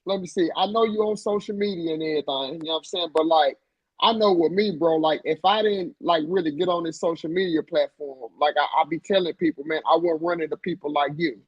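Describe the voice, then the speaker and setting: A man's voice: a little high, a little fast, no room sound, dull audio. A man hosting a podcast in casual chat, laid-back, with lots of "man" and "bro". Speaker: podcast host.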